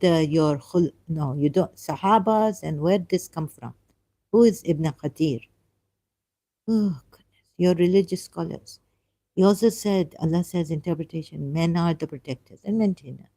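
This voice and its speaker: In a low, dark-toned voice, an exasperated woman critiquing religion reads from a video and argues back aloud, stumbling over her words in casual commentary.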